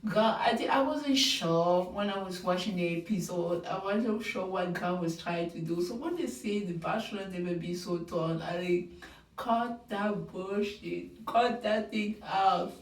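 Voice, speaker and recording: Animated woman recapping reality TV. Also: on the low side, normal speed, hardly any pauses. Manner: animated and opinionated, mocking the people she quotes. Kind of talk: casual commentary. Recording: roomy sound, mic at a distance.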